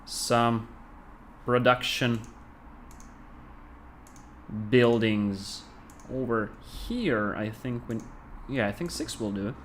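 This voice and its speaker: A man with a Russian accent, a game developer thinking aloud with many pauses and fillers as he plays on a casual livestream. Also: mid-range voice, a bit bright, a little hiss or hum. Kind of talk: casual livestream gameplay commentary.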